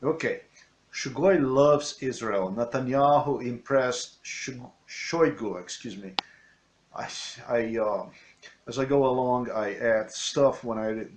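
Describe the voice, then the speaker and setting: Rambling man in non-native English. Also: medium pitch. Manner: ranting, with frequent restarts and self-corrections. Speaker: video commentator. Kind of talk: rambling spoken commentary over clips.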